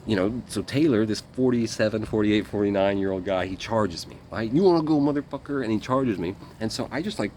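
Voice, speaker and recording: A man's voice: on the low side, fairly quick, few pauses, a little mellow, a little hiss or hum. A man telling a story about his military days in a casual, rambling way, blunt and full of fillers and swearing. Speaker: guest recounting military service.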